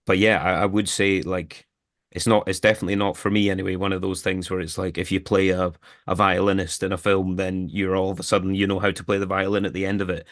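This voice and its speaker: A man's voice: low voice, level tone, fast, a bit bright, dry recording, clean studio sound. A man, an actor as a guest, chatting casually in an interview, rambling with many restarts and fillers.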